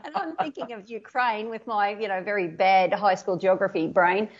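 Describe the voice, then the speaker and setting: Australian woman, guest artist on an interview podcast, animated storyteller, mid pitch, muffled remote audio. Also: normal speed. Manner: animated storyteller, laughs often, acts out quoted dialogue.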